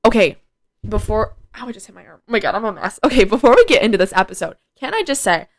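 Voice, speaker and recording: A woman's voice: on the high side, sing-song, fast, dry recording, studio quality. A teenage girl hosting her own podcast, chatting casually and rambling with lots of "like". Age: teens. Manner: chatty and rambling, with many likes. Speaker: podcast host. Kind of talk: casual solo podcast chat.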